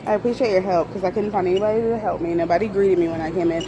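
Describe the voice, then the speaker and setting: Excited woman vlogging in noise. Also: fairly low pitch, rapid-fire, dull audio. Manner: excitable, gushing, laughing. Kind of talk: casual vlog.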